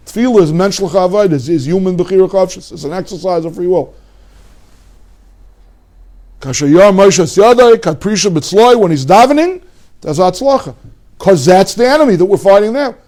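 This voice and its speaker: High-voiced emphatic rabbi lecturing. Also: male voice, darkish tone. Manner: emphatic, restarts words, rhetorical questions. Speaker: rabbi teaching a class. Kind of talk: Torah lecture.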